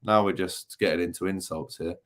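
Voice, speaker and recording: A young man hosts a relaxed post-match livestream, reading viewer comments aloud. He talks in a loose, teasing way, full of ums and asides. His voice sits a little low. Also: brisk. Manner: chatty and jokey, many ums, teasing banter. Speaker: football channel host reading live chat.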